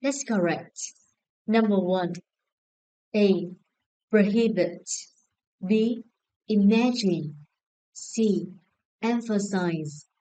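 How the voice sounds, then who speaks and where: A woman English teacher with a Vietnamese accent reads her lesson aloud at an unhurried, careful pace. Her voice is soft and mellow, never bright. She pauses after each word and syllable as she goes through her answers. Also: medium pitch, rough recording. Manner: slow, deliberate, spelling out each word and syllable. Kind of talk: scripted lesson narration.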